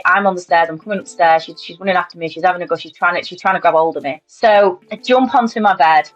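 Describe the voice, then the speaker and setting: A British woman in her thirties tells her own story in a candid, matter-of-fact interview, her voice sitting on the lower side. The audio is a little dull and lo-fi, with faint music underneath. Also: fairly bright tone. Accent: British English. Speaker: interview guest.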